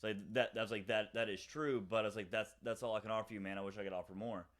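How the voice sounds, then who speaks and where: A man's voice: fairly low pitch, fairly even intonation. A young man, a podcast co-host, telling a rambling story in casual chat with lots of fillers. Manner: rambling, fast, many fillers and acted quotes.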